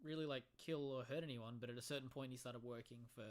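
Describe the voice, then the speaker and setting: A man in a casual podcast chat, relaxed and talking with loose fillers. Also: mid-range voice, quick pace. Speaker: podcast co-host.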